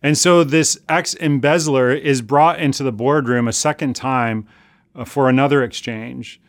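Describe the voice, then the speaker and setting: Male pastor, mid-pitched, earnest sermon delivery with emphatic repeats; dry, close recording. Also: fairly even intonation, no room sound. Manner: earnest, deliberate, with emphatic repetition.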